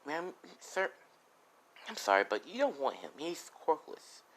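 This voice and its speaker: Man playing a blunt, hushed orphanage caretaker. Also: a little high, huge pitch swings, unhurried, voice pushed up, exaggerated voice.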